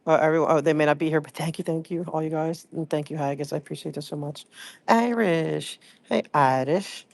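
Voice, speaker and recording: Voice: medium pitch, flat delivery, racing, darkish tone, no room sound. A livestream host chatting casually, rambling and greeting viewers by name mid-sentence.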